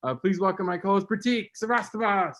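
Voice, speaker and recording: A man's voice: sits high, fairly quick, a bit bright. Upbeat man hosting a comedy stream. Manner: upbeat, laughing, chatty. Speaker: comedy show host. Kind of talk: casual stage banter.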